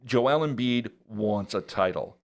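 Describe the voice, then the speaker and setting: A man chats about basketball as a guest, laid-back and dry. His voice sits fairly low. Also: slow, creaky. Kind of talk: casual sports chat.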